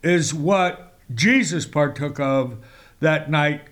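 Male preacher, slow and emphatic, fairly high voice, reads scripture between remarks. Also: lively intonation, fairly bright tone. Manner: slow, emphatic delivery with sudden rises in pitch; reads scripture in old-fashioned wording. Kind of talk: sermon with scripture reading.

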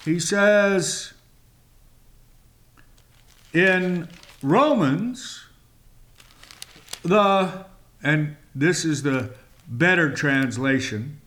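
A man hosting a Bible teaching show, speaking in a measured, emphatic way with long pauses and fillers. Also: a little high, a bit bright. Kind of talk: slow, deliberate Bible teaching.

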